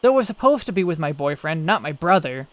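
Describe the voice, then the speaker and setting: A man's voice: on the high side, very animated, fast, no room sound, faint music behind, voice pushed down. A man reading the lines of an irritated young woman, in a grumbling, exasperated way. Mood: annoyed. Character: irritated young woman on an outing with her brother.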